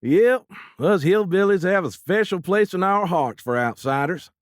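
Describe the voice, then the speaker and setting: A man voicing a nervous young fighter pilot, speaking higher and louder with a put-on Appalachian hillbilly drawl. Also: expressive, measured pace, dry recording, studio quality. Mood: hillbilly teasing.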